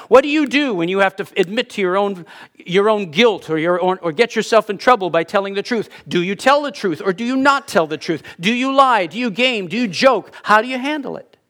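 A man with a high voice preaches to his congregation in a loose, conversational way. He leans on rhetorical questions and stops for emphasis between points. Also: a bit bright. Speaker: pastor. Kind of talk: sermon.

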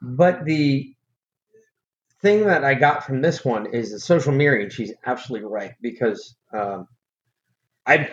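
A middle-aged man from the United States co-hosting a podcast, chatting casually in a rambling, profane, emphatic way. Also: lowish voice. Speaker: podcast co-host. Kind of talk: casual chat. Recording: dull lo-fi audio with faint hiss.

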